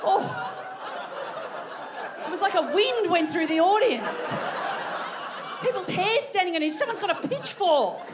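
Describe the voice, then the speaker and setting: High, lively Australian woman doing stand-up. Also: normal speed. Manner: animated, brash, acts out the people in her stories. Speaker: stand-up comedian. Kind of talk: stand-up storytelling. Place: large theatre stage with a live audience. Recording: live theatre with crowd and noise. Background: audience laughter.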